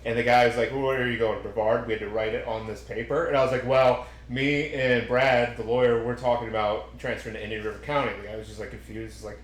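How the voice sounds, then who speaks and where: A man's voice: medium pitch, little pitch movement, quick pace, few pauses. Young man telling rambling swear-filled stories. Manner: rambling storyteller, swears a lot, acts out quotes. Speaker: podcast host. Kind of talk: casual chat. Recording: roomy echo.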